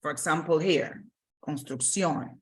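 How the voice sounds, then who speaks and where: Woman, language teacher, slow delivery, lowish voice, patient, rephrases as she explains. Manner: patient step-by-step explaining, stops and rephrases often. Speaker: Spanish teacher. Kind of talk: recorded grammar lesson.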